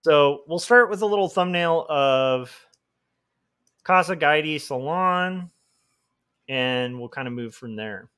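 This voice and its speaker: A man's voice: a little high, expressive, takes it slowly, long pauses, fairly bright tone, clear, resonant tone. Rambling man thinking aloud while drawing. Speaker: comic artist streaming his work. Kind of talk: casual livestream chat while drawing.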